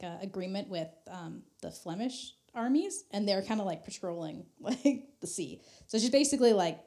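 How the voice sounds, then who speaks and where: Mellow-voiced woman telling history casually. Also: medium pitch. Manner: chatty, laughing, heavy use of "like", swearing. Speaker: podcast host. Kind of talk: casual history podcast storytelling.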